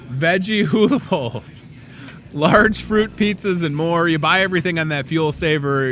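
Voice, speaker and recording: Male host, casual deal rundown, self-mocking jokes, bright forceful tone. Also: a little high, slight background noise. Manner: goofy and chatty, jokes at himself. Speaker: host of a store talk show. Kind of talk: casual talk-show ad rundown.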